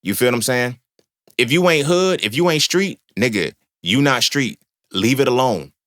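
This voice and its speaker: A man's voice: medium pitch, animated, normal speed, fairly bright tone. A young man hosting a podcast, talking in a casual monologue, slangy, profane and emphatic as he tells stories. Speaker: podcast host.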